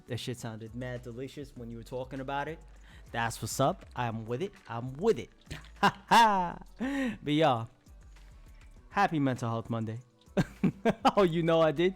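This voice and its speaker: Lively, laughing male streamer. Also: on the high side, unhurried, long pauses, dry recording, faint music behind. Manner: playful, laughs often, tries silly voices. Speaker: live streamer. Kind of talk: casual live-stream chat.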